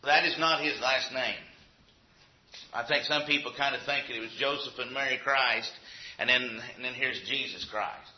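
A man's voice: medium pitch, normal speed. A man teaching a Bible lesson to a class at a chalkboard, talking conversationally, asking the room questions and checking in with "okay?". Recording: roomy, dull lo-fi recording.

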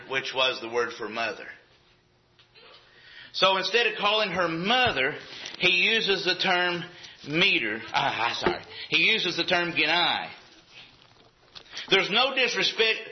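A man preaching a sermon in a folksy, conversational way with acted asides. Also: fairly high pitch. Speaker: pastor. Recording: dull lo-fi recording.

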